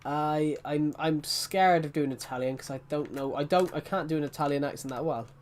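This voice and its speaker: A man's voice: fairly high pitch, normal speed. A young man streaming a game, chatting casually and rambling between laughs. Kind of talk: casual live-stream chat.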